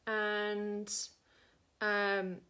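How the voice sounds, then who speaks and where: A woman's voice: mid-range voice, extremely slow. Aussie mum chatting while she does her makeup, rambly, lots of likes and ums. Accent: Australian. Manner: rambling, animated storyteller with lots of filler. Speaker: makeup vlogger.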